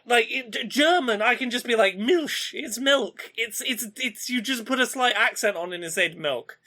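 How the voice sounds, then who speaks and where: A podcast co-host chatting casually, telling animated stories and laughing easily. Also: medium pitch. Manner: animated storytelling, quick to laugh. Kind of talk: casual chat.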